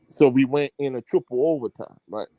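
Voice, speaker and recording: A man, a high school coach, telling a long sports anecdote in casual chat with slang and many fillers. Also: fairly quick, mellow, no room sound, highs cut off. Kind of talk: casual podcast storytelling.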